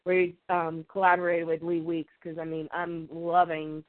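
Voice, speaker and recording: A woman co-hosting a casual chat about comics, excitable and breaking into high squeals of glee. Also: normal speed, dry recording. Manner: excitable, bursts into high squeals of glee when retelling reactions. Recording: tinny phone-like line.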